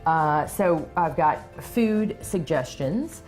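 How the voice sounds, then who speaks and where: A woman's voice: sits low, animated, slow, a little mellow, soft background music. A woman talking as a guest on a cooking show, chatty and enthusiastic, with frequent ums and you-knows. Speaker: guest from a diabetes website. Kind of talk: casual chat on a cooking show. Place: studio kitchen.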